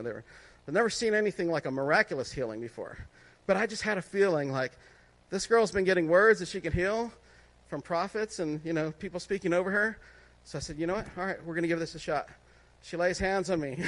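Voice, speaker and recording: High-voiced man sharing a conversational testimony. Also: fairly bright tone. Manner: conversational, laughs often, asks listeners "right?". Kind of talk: testimony sermon.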